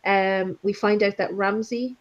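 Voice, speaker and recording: A woman in casual book-discussion chat, talking haltingly with lots of fillers and restarts. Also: mid-range voice, steady tone, lo-fi sound.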